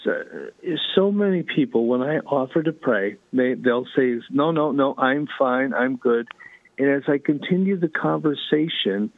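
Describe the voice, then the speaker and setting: Gravelly man telling stories on a thin line. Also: mid-range voice, measured pace, no echo, narrow, tinny audio. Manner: earnest, animated storyteller who acts out quotes. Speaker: guest. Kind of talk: storytelling in a talk show interview.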